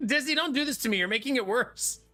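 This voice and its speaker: A man's voice: very high voice, expressive, moderate pace, bright, forceful tone. A man in his thirties chatting casually with his live-stream chat while playing a card game, laughing often. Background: faint game music.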